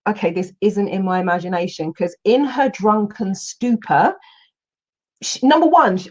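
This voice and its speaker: A woman, a coach telling stories in an animated way, with exclamations and restarts. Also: medium pitch, normal speed, dull audio. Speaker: coach and Huna teacher. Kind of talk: storytelling in a recorded online session.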